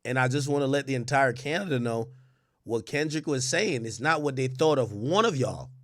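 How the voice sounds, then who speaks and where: A man from Jamaica hosting a livestream, ranting loudly and profanely, dropping from shouts to low mutters. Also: animated, normal speed, dry recording, studio quality. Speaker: livestream host. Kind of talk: animated livestream rant.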